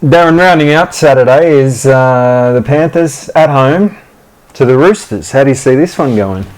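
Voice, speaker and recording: A man's voice: medium pitch, animated, normal speed, darkish tone, a little hiss or hum, rough recording. An Australian man co-hosting a rugby league show, joking around and prompting his partner with questions. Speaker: podcast co-host. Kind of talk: casual sports banter.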